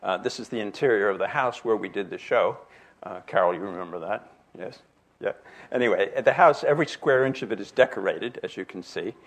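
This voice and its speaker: A man in his sixties from New Jersey gives an illustrated lecture in a fairly low, gravelly voice. He tells it as a string of anecdotes, full of fillers and restarts. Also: brisk. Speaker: jewelry expert giving a lecture.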